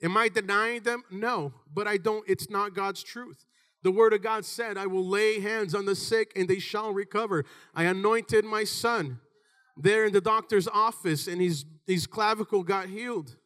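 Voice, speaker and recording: A high-voiced man in his thirties preaching with real energy, his tone bright and forceful. He talks to the congregation in quick bursts and sometimes pushes into a shout. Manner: animated, shouts in bursts, calls out "Amen?" to the congregation. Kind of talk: sermon.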